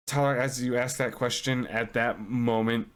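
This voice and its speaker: A man's voice: mid-range voice, fairly even intonation, normal speed, smooth. A man narrating a tabletop role-playing game as its game master, in a rambling, hesitant way.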